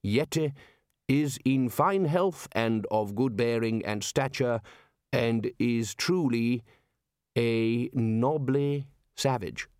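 A man voicing a pedantic older male wizard slowly deciphering old handwriting. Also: medium pitch, darkish tone, clean tone, no echo, studio quality, close to an everyday voice. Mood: laborious.

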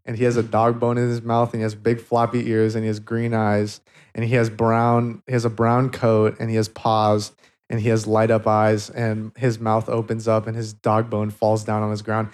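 A man's voice: lowish voice, monotone, moderate pace, darkish tone. A young man co-hosting a casual podcast, joking, teasing his friends and swearing freely on a cheap mic. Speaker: podcast co-host. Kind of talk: casual chat. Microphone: cheap microphone.

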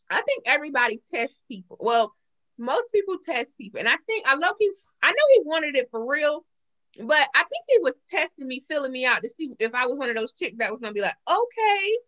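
A woman's voice: high voice, low-quality recording. A woman chatting casually with co-hosts, telling stories and acting out what people said. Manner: animated storyteller, acts out quoted dialogue. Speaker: co-host. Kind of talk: casual chat.

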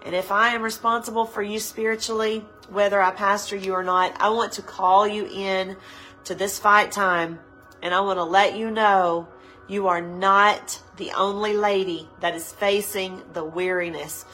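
A woman pastor giving a live devotional sermon, earnest and pleading, repeating her phrases and slowing down to linger on words, teary-eyed. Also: mid-range voice, steady tone, pushed and bright, faint music behind, low-quality recording.

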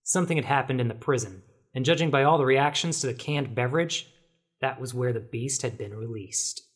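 An actor playing a wisecracking hard-boiled male detective, narrating in a wry, deadpan noir comedy style. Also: medium pitch, a little fast, slightly rough, close to an everyday voice.

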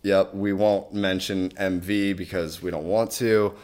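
Young American male co-host, very low voice, sincere and halting. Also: fairly even intonation, a little mellow. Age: young adult. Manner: earnest, grateful, with halting restarts. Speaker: podcast co-host. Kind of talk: casual chat.

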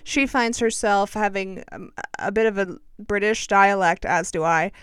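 Woman podcast host, casual chat, quick sarcastic asides, crisp voice. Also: medium pitch, steady tone, no room sound, clean studio sound. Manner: chatty, sarcastic, self-deprecating.

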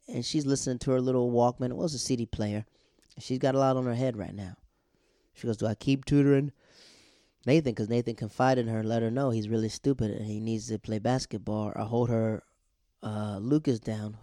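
A man casually recapping a TV episode, animated and slangy, acting out the characters' lines as he goes. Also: mid-range voice, no echo, studio quality. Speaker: show recapper.

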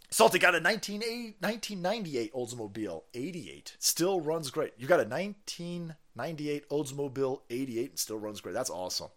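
Animated, foul-mouthed male streamer. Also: medium pitch. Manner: profane, laughing, reads viewer messages aloud; animated, jumps into loud voices for stories. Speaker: live stream host. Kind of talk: casual rambling stream chat.

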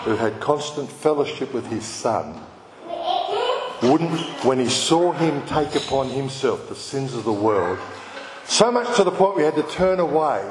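A man, a pastor who preaches an impassioned sermon, repeating phrases for emphasis. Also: high voice. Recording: echoey hall with background noise.

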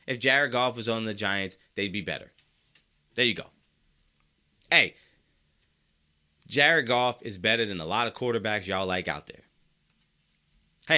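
A man's voice: mid-range voice, sharp tone. A sick, congested man hosting a sports podcast, arguing his opinions emphatically and repeating his points for effect. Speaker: podcast host.

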